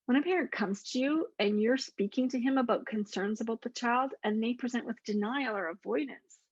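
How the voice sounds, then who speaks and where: A woman explaining emotion coaching to teachers in an earnest, deliberate way, slowing down to repeat key lists. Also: a little high, slightly rough, no room sound. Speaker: clinician presenting to teachers. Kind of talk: explanatory talk to camera. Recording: dull lo-fi dry voice recording.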